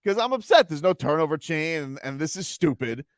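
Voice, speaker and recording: A man's voice: on the high side, fairly quick, no room sound, clean studio sound. A man hosting sports talk radio, arguing heatedly and talking over his co-host. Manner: argumentative, talks over his co-host, animated.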